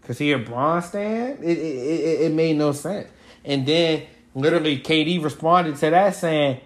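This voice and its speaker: A man's voice: fairly high pitch, moderate pace. A man co-hosting a podcast, talking basketball in a rambling, casual way with many fillers and restarts. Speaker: podcast co-host. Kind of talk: casual sports chat.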